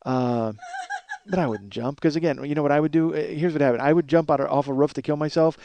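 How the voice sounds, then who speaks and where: A man with a fairly high, warm voice talks fast while hosting his own podcast, with a little hiss or hum audible. His rambling monologue is self-mocking and profane, broken by yawns and frequent restarts as he sounds tired.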